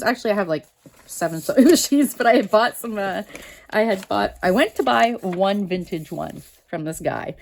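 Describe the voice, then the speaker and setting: A woman's voice: mid-range voice, creaky, slight background noise. A woman in her home art studio chatting casually to viewers while sorting craft papers, rambling and losing her train of thought. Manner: rambling, self-interrupting, talks to viewers. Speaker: art vlogger.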